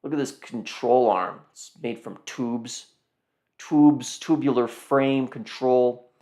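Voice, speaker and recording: A man of medium pitch hosting a live car auction stream. He chats casually and rambles, often repeating his words and turning to talk to his viewers. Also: slow pace, warm tone. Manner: rambling, talks to viewers as "guys", repeats himself. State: yawning, tired. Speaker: car auction livestream host.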